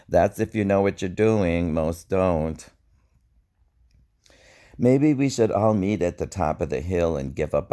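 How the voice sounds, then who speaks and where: A man reading his own spoken-word poetry in a slow, wry, reflective way. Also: low voice, dark tone. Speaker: poet.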